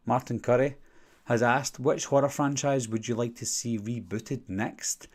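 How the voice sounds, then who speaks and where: The speaker is a young Scottish man with a Glaswegian accent and a mid-range, slightly mellow voice, talking in an unhurried way. As host of his channel's casual live-stream Q&A, he rambles through viewer questions, filling gaps with many fillers.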